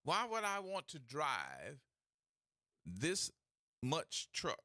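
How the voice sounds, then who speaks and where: A man hosting a call-in radio talk show, telling stories in a folksy, animated way. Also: fairly high pitch, extremely slow, no echo, studio quality. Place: radio studio. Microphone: studio mic.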